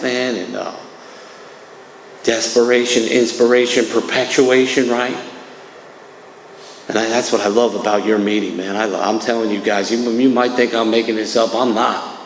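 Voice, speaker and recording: A man's voice: mid-range voice, fairly even intonation, normal speed. A middle-aged man from New Jersey giving a conversational personal talk at a recovery meeting, peppering it with "man" and "right". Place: meeting hall. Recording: echoey hall, faint room noise.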